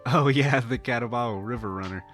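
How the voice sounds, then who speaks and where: A man's voice: mid-range voice, brisk, a bit bright, faint music behind, close to an everyday voice. A man voicing a young woman who hunts cryptids for online videos, upbeat and chatty, reading game dialogue. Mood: eager. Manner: chipper, chatty, eager.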